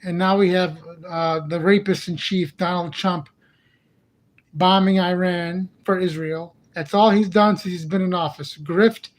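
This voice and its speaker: Brief: high-pitched man hosting his channel, angry profane rant, exasperated and repetitive. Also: fairly even intonation, unhurried. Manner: heated, profane, ranting. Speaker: channel host. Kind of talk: angry monologue vlog.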